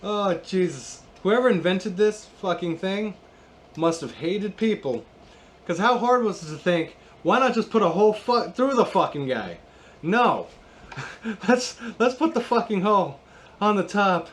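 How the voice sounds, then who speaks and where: Man, 30s, slightly high voice, sarcastic exasperated vlog host, profane rants, faint noise. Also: animated, measured pace, fairly bright tone. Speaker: YouTube host. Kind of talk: casual guitar how-to vlog.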